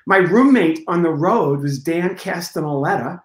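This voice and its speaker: A middle-aged comedian, a man, telling stories as an interview guest. He is lively and acts out scenes and sound effects as he goes. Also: on the high side, moderate pace. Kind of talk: storytelling in a conversation. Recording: roomy echo.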